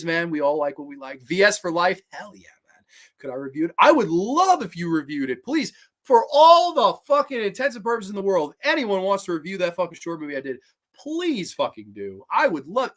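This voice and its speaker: A young man with a fairly high-pitched voice chats loosely on a livestream, reading out comments. He swears constantly and keeps restarting his sentences, so his talk runs on and loops back. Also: a bit bright. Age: young adult. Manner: rambling, heavily profane, many restarts. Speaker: livestream host.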